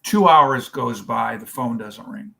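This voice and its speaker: A man's voice: mid-range voice, takes it slowly, vocal fry, pushed and bright. A man who founded a children's charity, telling a long story in an interview and acting out each person's lines. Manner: storytelling, acts out dialogue.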